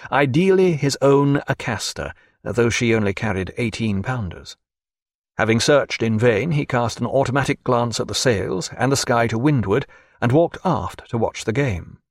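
A man narrating a novel as an audiobook, expressive and varied. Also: medium pitch, no echo, studio quality.

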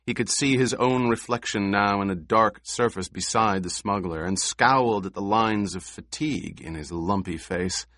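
Male audiobook narrator, slow and even, low voice, dry studio sound. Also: no room sound. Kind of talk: scripted narration.

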